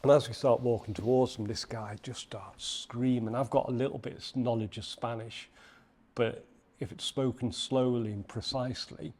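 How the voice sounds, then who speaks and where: A man's voice: mid-range voice, normal speed. A man from Liverpool with a Liverpool accent, a podcast guest telling a story in casual chat and acting out the voices he quotes. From Liverpool, England. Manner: animated, acts out voices in quotes.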